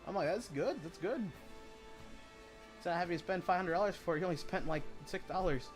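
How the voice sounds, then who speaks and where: A man's voice: sits high, fairly quick, soft background music. Rambling, profane man streaming a game. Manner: rambling, profane, retells stories with "I'm like". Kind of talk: casual chat while live-streaming a game.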